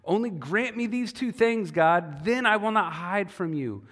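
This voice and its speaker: Preacher voicing a desperate, pleading sufferer; raised voice, reverberant hall. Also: male voice, sits high, lively intonation, measured pace, fairly bright tone, pitched above the performer's own voice, exaggerated voice. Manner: pleading, exasperated. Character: anguished pleading grown man.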